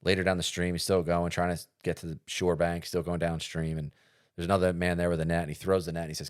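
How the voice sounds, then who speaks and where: Low-voiced man rambling through a podcast chat. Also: flat delivery, fast talker. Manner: rambling, storytelling with many fillers and restarts. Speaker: podcast co-host.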